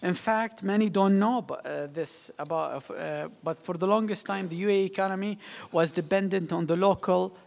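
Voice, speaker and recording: A middle-aged man from the United Arab Emirates gives a public speech as a diplomat, his slightly high voice carrying a gravelly fry. He pauses and restarts often, filling gaps with many fillers. The sound rings with long hall reverb. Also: darkish tone.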